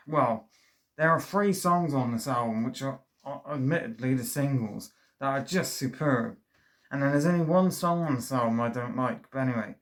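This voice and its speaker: A man's voice: mid-range voice, a bit bright. A man reviewing a vinyl record in a casual monologue, enthusiastic and rambling, full of fillers and restarts.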